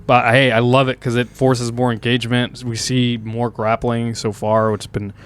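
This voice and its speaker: A man co-hosting a podcast, talking in a relaxed, enthusiastic way with casual swearing. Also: medium pitch, moderate pace, clean tone. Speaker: podcast co-host.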